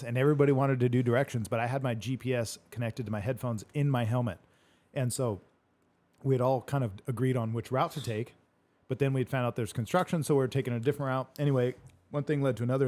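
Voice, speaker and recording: Guy talking fast and casual, cusses a lot, acts out his stories. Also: medium pitch, darkish tone. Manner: swears a lot, retells arguments animatedly. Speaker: podcast host. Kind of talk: casual chat.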